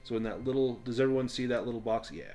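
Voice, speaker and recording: A man running a tabletop game as game master, explaining rules and narrating scenes in a relaxed way with frequent ums. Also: mid-range voice, rapid-fire, slight background noise.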